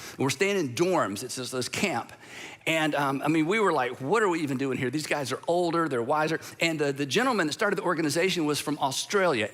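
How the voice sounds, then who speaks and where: A man's voice: a little high, fairly bright tone. A man from Georgia in the United States preaching a sermon as pastor, telling stories in a conversational way with humorous asides. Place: church auditorium.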